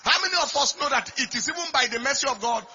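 High, bright male preacher, husky, lo-fi. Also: expressive, fast. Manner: swings from quiet to shouted declarations; repeats phrases for emphasis. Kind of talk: sermon. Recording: dull lo-fi recording.

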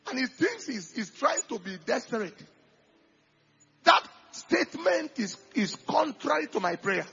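Husky high-voiced male preacher. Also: sing-song, normal speed, sharp tone, highs cut off. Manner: preaching with rising emphatic bursts, quoting people dramatically. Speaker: pastor. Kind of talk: sermon.

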